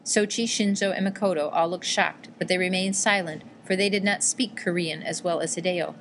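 A woman narrating a novel aloud in a measured, even storytelling manner. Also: on the low side, a little hiss or hum. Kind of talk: audiobook narration.

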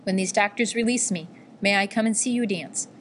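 A woman voicing a badly wounded young male soldier who speaks softly and gently in an audiobook. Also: medium pitch, fairly quick, slight background noise, lightly acted. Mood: tender. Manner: soft, murmuring.

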